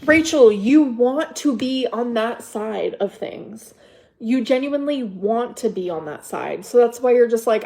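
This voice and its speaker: A woman ranting to her livestream chat, defensive and exasperated, throwing the same rhetorical question again and again. Her voice sits a bit high but sounds mellow and soft-edged, and she swears often. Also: animated, measured pace, vocal fry. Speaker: livestream host.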